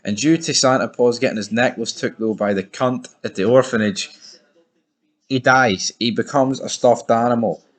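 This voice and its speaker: A young Scottish man reviewing a film in a casual, sweary, animated way, joking about being a hard man. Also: mid-range voice, normal speed. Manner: sweary, animated, mock-macho. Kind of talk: casual movie review rant.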